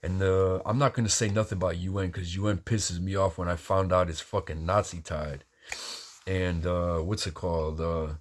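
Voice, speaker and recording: Man, very low husky voice, agitated profane rambling monologue. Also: fairly even intonation, a little fast.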